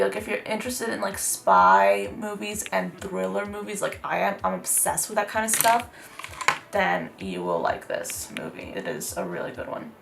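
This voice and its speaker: Young female beauty vlogger, gravelly fry, chatty and rambling, with soft music behind. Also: medium pitch. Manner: chatty, rambling, heavy use of "like". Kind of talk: casual makeup tutorial chat.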